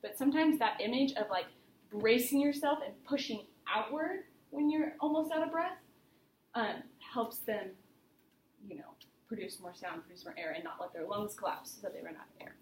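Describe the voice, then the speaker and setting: A woman's voice: fairly high pitch, lively intonation, normal speed. Woman, singing teacher, chatty, encouraging, roomy studio, faint background noise. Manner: chatty and encouraging, explains with imagery. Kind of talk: private singing lesson instruction.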